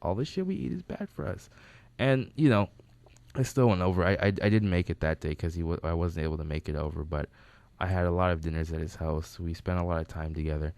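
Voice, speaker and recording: A man's voice: deep voice, fairly even intonation, fast, darkish tone, clean tone, no room sound. A man telling rambling, casual stories about a late friend in a recording studio. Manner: rambling, with restarts. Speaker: friend giving a tribute. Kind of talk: casual storytelling.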